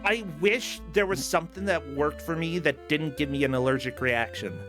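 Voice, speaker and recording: A man co-hosting a game stream in easy, chatty talk, his voice sitting a little high. Now and then he bursts out loudly when something delights him. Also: moderate pace, music in the background. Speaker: co-host of a stream variety show. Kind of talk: casual chat.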